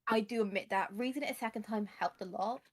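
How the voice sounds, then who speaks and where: A woman's voice: medium pitch, quick pace. A young woman streamer chatting casually about books, rambling and explaining at length.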